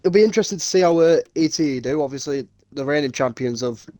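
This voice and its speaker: A man co-commentating on a racing stream, previewing the season in a measured, casual way. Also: on the high side, animated, warm tone, no echo.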